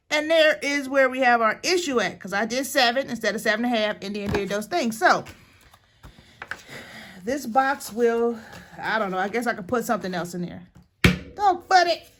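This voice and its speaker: A woman with a somewhat high voice talks through a crafting tutorial in a loose, joking way. She chats straight to her viewers and brags playfully about her technique. A faint hiss of noise sits under her voice. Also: moderate pace. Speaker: papercraft video host.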